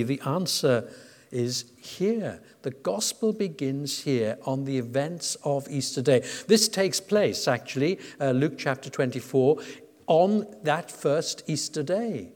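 A man's voice: fairly high pitch, animated, slow, darkish tone. A man preaching a sermon in a conversational manner, with frequent fillers and restarts. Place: church. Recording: church with long reverb.

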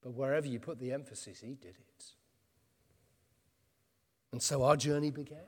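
A man's voice: medium pitch, normal speed, darkish tone. Earnest male preacher in a reverberant hall. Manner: earnest expository preaching, varied emphasis. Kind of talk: sermon. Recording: long reverb in a church hall.

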